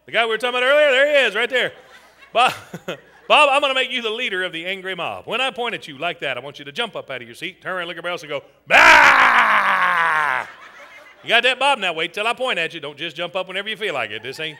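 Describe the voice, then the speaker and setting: A man hosting a comedy show, teasing audience members in a loud, folksy way. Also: sits high, expressive, very fast, slight background noise. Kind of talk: audience participation stand-up. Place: theater stage with live audience. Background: audience laughter.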